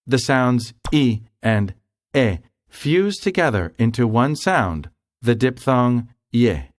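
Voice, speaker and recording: A man reads a grammar lesson aloud at an unhurried pace, explaining each point with care. His pitch rises and falls a good deal. The sound is close and dry, with no room around it. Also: no echo. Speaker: language tutor. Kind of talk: scripted instructional narration.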